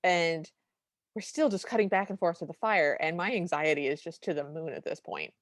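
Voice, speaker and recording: A woman with a lower voice recaps a film for a podcast in relaxed chat. She speaks close to the mic in a dry, dead room, acting out the characters' lines as she goes. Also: brisk, no room sound. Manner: animated retelling with quoted lines. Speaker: podcast co-host.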